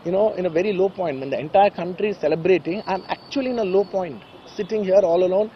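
A man's voice: high voice, quick pace, muffled recording, slight background noise. A man with a background gives an emotional press statement, earnest and repeating phrases insistently. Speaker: speaker at a press conference.

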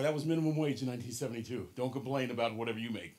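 A man in his sixties giving a motivational keynote to young people, preaching to the crowd, calling out to them and swinging between soft and shouted lines. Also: mid-range voice, rapid-fire. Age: 60s.

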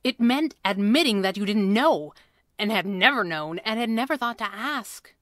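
A woman reading a children's chapter book aloud with expressive, measured storytelling. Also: medium pitch, dry recording, studio quality. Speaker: audiobook reader. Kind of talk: scripted storybook narration.

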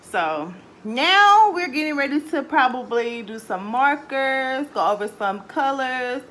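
A woman's voice: high-pitched, sing-song, a little slow, fairly bright tone, a little hiss or hum. A young woman, vlogging casually at home as a mother teaching her child in a sing-song voice.

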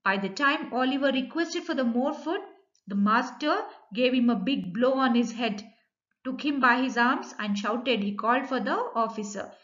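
Woman, Indian English accent, high voice, reads a line then re-explains it, dull lo-fi recording. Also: normal speed, a bit bright. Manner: reads a line, then restates it in simple words. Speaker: school English teacher. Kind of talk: reading a story aloud and explaining it.

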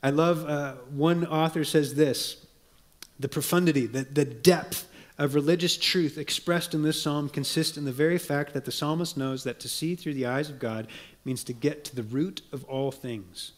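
In this sermon, a male pastor's delivery is earnest and measured. He reads quotations aloud and lets his voice sink to soft, low tones for emphasis.

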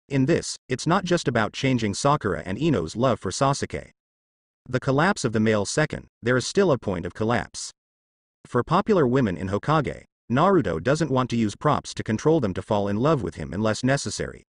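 A male narrator reading translated fan fiction aloud in an even, unhurried way. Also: medium pitch, no room sound, clean studio sound.

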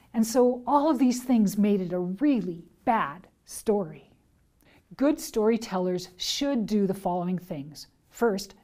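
A woman training teachers and parents, speaking in a clear, deliberate, teacherly way. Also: medium pitch, mellow. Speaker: children's ministry trainer. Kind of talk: instructional talk to teachers and parents.

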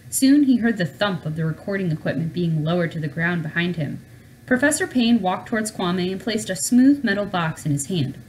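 A woman reading a children's storybook aloud in an expressive, animated way. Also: mid-range voice, a little hiss or hum, poor audio. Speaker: storybook reader.

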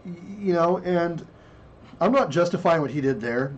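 A man's voice: fairly high pitch, expressive, normal speed, dull audio, a crowd in the background. A man co-hosting a casual podcast discussion, talking in a blunt, crude and rambling way. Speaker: podcast co-host.

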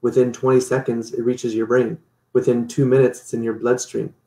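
Gravelly man telling a story in a roomy echo. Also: mid-range voice, normal speed. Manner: animated storytelling, acts out quotes. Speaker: guest. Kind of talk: casual interview.

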